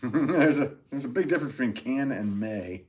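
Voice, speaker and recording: A man's voice: mid-range voice, expressive, moderate pace. A man who is a potter, chatting casually with viewers on a live stream, rambling and chuckling often as he reads comments.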